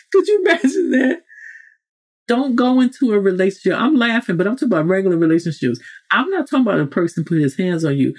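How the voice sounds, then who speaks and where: A woman delivers a motivational podcast monologue in a direct, preachy tone. She addresses the listener head-on and keeps stopping to correct herself with quick asides. Her voice has a middling pitch. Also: lively intonation, darkish tone. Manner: frequent self-corrections and asides. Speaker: podcast host.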